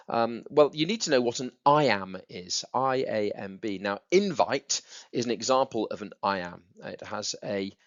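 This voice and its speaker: A man's voice: fairly low pitch, gravelly, dull audio. A male teacher walking students through a poem, stressing words by repeating them and tapping out rhythms. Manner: explanatory, repeats words for emphasis, taps out rhythms. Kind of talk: recorded lesson for students.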